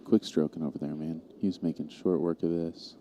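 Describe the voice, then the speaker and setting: A deep male voice with a very dark, mellow tone, calling a pool match in an easy, steady way and talking through how he would play each shot. Faint background noise runs under everything. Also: normal speed, lo-fi sound. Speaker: pool stream commentator. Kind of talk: casual live commentary.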